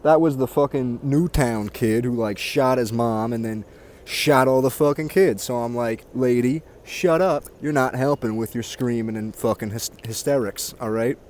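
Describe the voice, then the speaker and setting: Outdoors near water, a man vlogs a casual rant to camera, crude and mocking, swearing constantly. His voice is medium-pitched and a little mellow, at normal speed.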